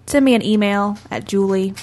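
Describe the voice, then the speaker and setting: A woman on a relaxed podcast gives practical, reassuring advice to listeners. She speaks gently and often pauses with soft "um"s. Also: mid-range voice, a little hiss or hum. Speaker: podcast regular giving park advice. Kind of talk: casual podcast chat.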